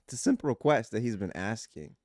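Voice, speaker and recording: A man's voice: on the low side, big pitch swings, fast talker, darkish tone, no echo, studio quality. A young man co-hosting a podcast, cracking jokes and swearing casually. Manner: joking, swears often, throws in wisecracks. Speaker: podcast co-host. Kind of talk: casual chat.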